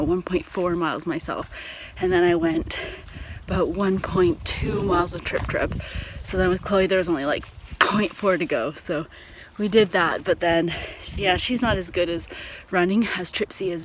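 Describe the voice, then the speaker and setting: A woman's voice: fairly low pitch, background noise. A young woman chatting casually and upbeat in a daily vlog, laughing often. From Canada. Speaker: vlogger.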